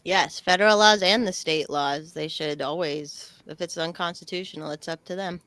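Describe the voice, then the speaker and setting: A woman's voice: on the low side, moderate pace, fairly bright tone, dry recording. A woman answering as a game show contestant over a video call, blunt and outspoken.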